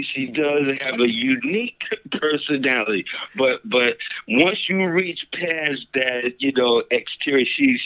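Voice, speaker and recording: A man with a mid-range voice speaks candidly as a radio guest. His delivery is easygoing, and the audio is muffled and lo-fi. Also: mid-range voice. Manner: candid, easygoing, laughs along. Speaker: interview guest. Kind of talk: casual radio interview.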